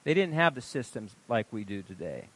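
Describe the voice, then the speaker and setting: A male pastor preaching at a midweek church service, reading passages aloud with emphasis and dropping into quiet offhand asides. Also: mid-range voice, big pitch swings, normal speed. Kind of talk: sermon reading aloud from a book.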